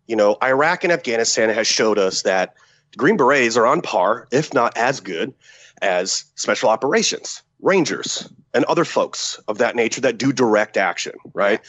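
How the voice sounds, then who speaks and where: A man, a former Special Forces soldier, telling a story as a podcast guest in a profane, animated way, acting out the dialogue. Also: mid-range voice, lo-fi sound. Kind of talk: casual war-story telling.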